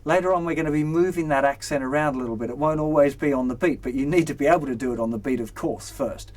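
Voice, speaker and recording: A young man teaching a guitar lesson, relaxed and encouraging, counting beats aloud as he plays. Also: on the high side, fast. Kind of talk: instructional lesson. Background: guitar strumming.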